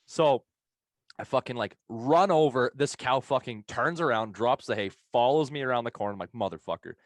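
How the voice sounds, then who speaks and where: A man's voice: mid-range voice, normal speed, no room sound. A man on a casual podcast who tells a long story in a rambling, profane way and laughs often as he goes. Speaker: podcast co-host telling a story.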